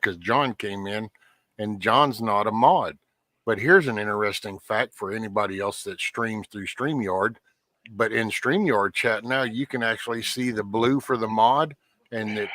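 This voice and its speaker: A man's voice: lowish voice, fairly bright tone, no echo. Man, livestream host, casual chat, sidetracked asides, dry close sound. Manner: chatty, easily sidetracked, greets viewers by name.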